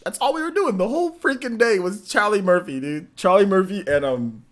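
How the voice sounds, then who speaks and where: A man in his thirties hosting a gaming show, chatting casually and animatedly and laughing often. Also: sits high. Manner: animated, laughs often, drawn-out filler words. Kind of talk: casual streamed chat.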